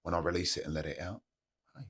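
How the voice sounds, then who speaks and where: A man's voice: quick pace, a bit bright. A man talking candidly as a podcast guest, earnest and plain-spoken, driving his points home by repeating them. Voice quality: gravelly husky low voice. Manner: earnest and motivational, plain-spoken, uses repetition. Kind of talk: candid conversational storytelling.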